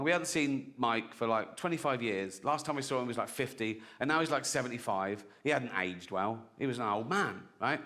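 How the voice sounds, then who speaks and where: A man's voice: medium pitch, bright, forceful tone. A man, telling stand-up stories in a conversational way and checking in with the audience. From England. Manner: conversational, keeps checking in with "right?". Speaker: stand-up comedian. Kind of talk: stand-up storytelling.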